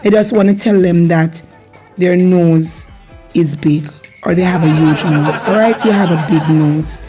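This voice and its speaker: A woman with a Jamaican accent hosting a casual video lesson on Patois, energetic and laughing often. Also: lowish voice, unhurried, music in the background. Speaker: channel host teaching Jamaican Patois.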